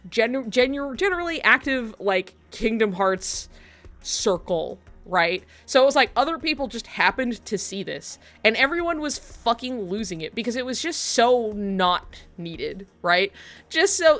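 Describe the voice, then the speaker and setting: A woman's voice: fairly high pitch, expressive, moderate pace, fairly bright tone, soft background music. A woman streamer telling a long story to her chat in a rambling way, laughing often and swearing freely.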